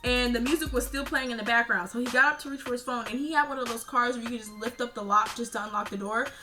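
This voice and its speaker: A young woman around nineteen narrates a personal story for her vlog audience. She is animated and emotional as she relives it, and her voice sits a little high. Music plays clearly behind her. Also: fast. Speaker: vlogger.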